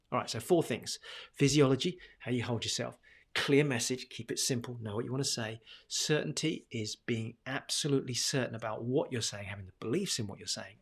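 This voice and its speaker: Male confidence coach speaking to camera, husky, measured, punchy phrasing. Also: medium pitch. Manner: deliberate, emphatic delivery with punchy pauses. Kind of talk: instructional talk to camera.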